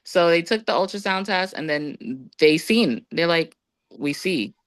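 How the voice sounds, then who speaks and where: Lower-pitched woman telling a story animatedly. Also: measured pace, no echo. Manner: lively, acts out quoted voices with big pitch jumps. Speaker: podcast guest. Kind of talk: casual storytelling.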